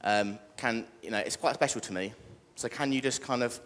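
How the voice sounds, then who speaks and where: A man's voice: mid-range voice, moderate pace, fairly bright tone. A young British man preaching a casual sermon and joking with the congregation. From Britain. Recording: echoey church hall.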